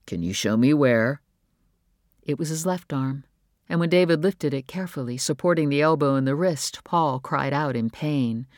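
A man's voice: fairly high pitch, no room sound. Man narrating a novel in a dry voice. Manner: measured, even storytelling. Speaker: audiobook narrator. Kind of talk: scripted narration.

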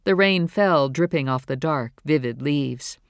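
A woman narrating a novel in a steady, measured reading voice. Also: deep voice, clear, resonant tone, no room sound, clean studio sound. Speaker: audiobook narrator. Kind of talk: scripted narration.

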